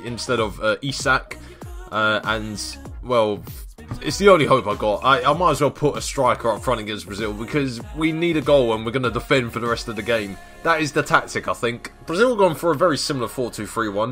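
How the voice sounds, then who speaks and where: A man commentating his own football management game, dry and self-mocking, shouting when a goal goes in. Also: medium pitch. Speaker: gaming YouTuber.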